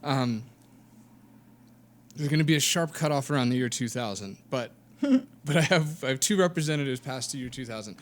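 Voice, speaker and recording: A man's voice: medium pitch, lively intonation, moderate pace. A middle-aged man co-hosting a casual chat, joking dryly and putting himself down. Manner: dry joking, self-deprecating. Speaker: podcast co-host.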